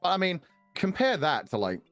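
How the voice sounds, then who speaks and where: A man's voice: sits high, huge pitch swings, moderate pace, a bit bright, dry recording, faint music behind. A man with a British accent, chatting casually as a stream guest, dry and joking, laughing often.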